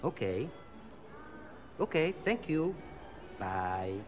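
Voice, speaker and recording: Figure: a flustered hotel manager. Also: male voice, medium pitch, sing-song, drawn-out words, music in the background. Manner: eager, deferential, hesitant.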